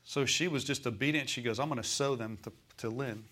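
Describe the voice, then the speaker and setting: A male pastor preaching a sermon in a church, folksy, asking the congregation for replies and slowing down to read scripture aloud. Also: mid-range voice, sharp tone.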